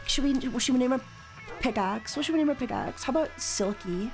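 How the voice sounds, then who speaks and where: Woman streamer, a touch high-voiced, casual gameplay chat; crude, jokey, prone to loud mock rants. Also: lively intonation, brisk, vocal fry, faint music behind. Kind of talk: casual live-stream chat while playing a game.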